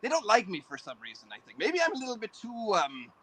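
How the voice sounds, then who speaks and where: High-voiced rambling older man. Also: huge pitch swings, quick pace, pushed and bright, slight background noise, rough recording. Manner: rambling, self-deprecating jokes. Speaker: YouTube show host, podcast guest. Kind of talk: casual podcast chat.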